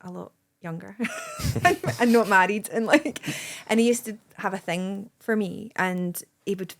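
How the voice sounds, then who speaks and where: A woman's voice: medium pitch, expressive, a little slow, creaky, slight background noise. A Scottish woman in her forties, a comedian guest, telling rambling anecdotes in casual podcast chat with many restarts.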